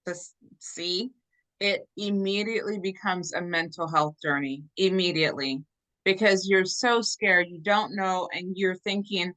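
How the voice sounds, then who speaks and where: A woman guest telling her story in an animated, earnest way over a video call. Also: fairly low pitch, unhurried, poor audio. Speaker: interview guest. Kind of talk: casual storytelling.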